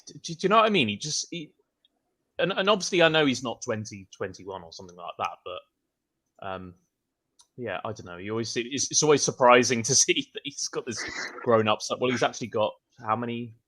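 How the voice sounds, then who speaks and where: Hesitant, halting man chatting. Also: mid-range voice, expressive, pushed and bright. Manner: hesitant, halting, fond of laughing. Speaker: livestream co-host. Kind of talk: casual group chat.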